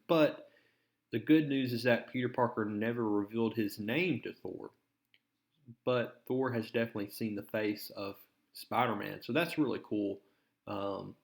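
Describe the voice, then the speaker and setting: Slow-talking man recapping comics. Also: fairly low pitch, vocal fry. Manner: relaxed, filler-heavy storytelling. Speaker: comic book reviewer. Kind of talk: casual comic book recap.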